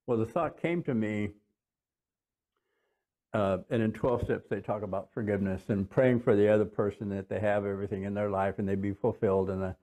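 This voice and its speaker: Man telling a heated personal story. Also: lowish voice. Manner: animated retelling, voice rising when reliving the argument. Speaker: podcast co-host.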